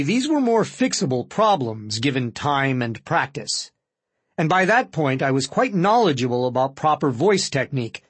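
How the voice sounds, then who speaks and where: A man with a somewhat nasal voice narrating his own memoir as an audiobook, in an earnest, reflective, measured reading. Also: fairly high pitch, slightly rough, dry recording.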